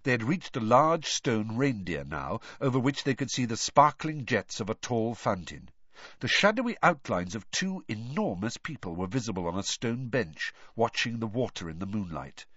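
A man narrating an audiobook with an expressive, varied storytelling delivery. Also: on the low side, normal speed, breathy edge, dry recording. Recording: dull lo-fi dry audio.

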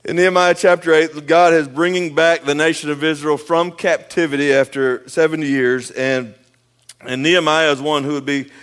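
A man, preaching as a pastor in a folksy, conversational way, moving between loud emphasis and quiet asides. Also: a little high, fairly even intonation, moderate pace, clear, resonant tone. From East Texas. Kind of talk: sermon.

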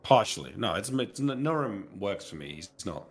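A man's voice: on the low side, big pitch swings. A man playing a sea captain in a casual tabletop game, talking in character with stammers. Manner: fast, in-character talk with stammers. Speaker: player voicing a sea captain. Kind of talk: casual tabletop role-play.

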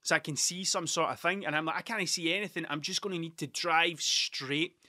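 A man's voice: on the high side, fairly quick, sharp tone, no echo, studio quality. A Scottish man in his thirties, telling stories in a casual, rambling way, often swearing and interrupting himself. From Scotland. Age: 30s. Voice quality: sweary, digressive, self-interrupting. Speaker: vlogger.

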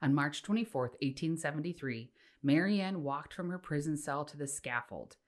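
A woman's voice: low-pitched, normal speed. An American woman co-hosting a podcast, telling a true-crime story in casual, laughing chat. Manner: laughs often, lively storyteller. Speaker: podcast co-host.

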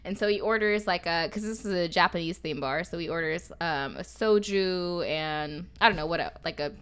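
A young woman chatting casually as a podcast co-host. She tells stories with energy and lifts her pitch when she quotes people. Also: normal speed, clean tone. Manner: animated storyteller, acts out quotes in a higher voice. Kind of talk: casual chat.

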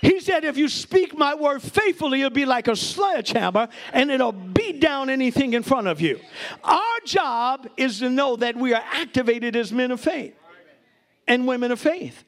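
A pastor preaching to his congregation in a very high voice. He rises to shouted peaks, laughs often and talks straight to the people in the pews. He is a middle-aged man delivering a lively sermon. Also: moderate pace. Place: church before a congregation.

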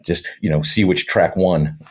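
Relaxed rambling American man. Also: sits low, normal speed, slightly rough. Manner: relaxed, rambling, many fillers. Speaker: podcast guest, comedy actor. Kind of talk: casual storytelling interview.

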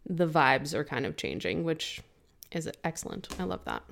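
A young woman co-hosting a book podcast, chatting in a relaxed, casual way, with lots of "like" and "um". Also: deep voice, normal speed, gravelly, a little hiss or hum. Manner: relaxed, fillers like "like" and "um". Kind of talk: casual chat.

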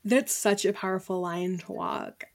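A woman in her thirties hosting a faith podcast. She speaks in a chatty, affirming way, asking questions and making quick asides. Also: medium pitch, gravelly. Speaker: podcast host. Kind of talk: casual faith podcast conversation.

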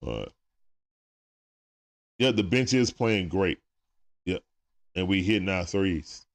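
A man's voice: low voice, expressive, slow pace. A young man hosting a live stream, chatting casually with viewers and reading their comments in a laid-back, slangy way.

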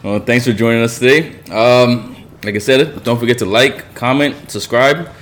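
Relaxed chuckling podcast co-host man. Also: mid-range voice, normal speed, slight background noise. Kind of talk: casual chat.

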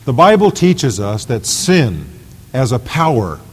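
A man's voice: medium pitch, very animated, measured pace, husky. A man preaching an evening sermon as pastor, emphatic, repeating phrases for stress. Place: church sanctuary. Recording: long reverb of a large hall.

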